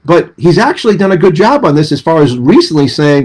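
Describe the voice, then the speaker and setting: A middle-aged man with a husky, slightly raised voice speaks as a radio guest. His pitch swings widely as he fires off emphatic opinions. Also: sing-song, a little mellow. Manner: emphatic, rapid-fire opinions. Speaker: guest commentator. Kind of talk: radio phone-in commentary.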